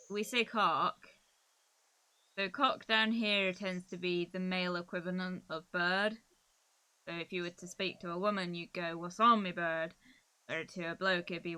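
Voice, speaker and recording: A woman's voice: lowish voice, sharp tone, smooth. A woman with a Cornish accent, chatting casually on a gaming live stream, giggling often and rambling.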